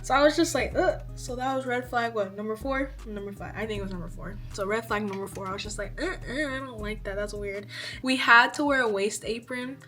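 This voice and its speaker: A woman in her twenties with a slightly high voice tells a casual storytime vlog. She acts out her own reactions with plenty of expression, and soft music plays underneath her talk. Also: quick pace, hardly any pauses. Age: 20s. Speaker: vlogger.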